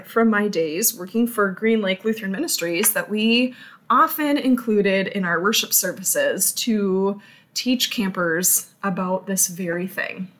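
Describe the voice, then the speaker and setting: A woman pastor preaching a sermon in a measured, deliberate way, with pauses. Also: medium pitch, a bit bright. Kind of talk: sermon storytelling.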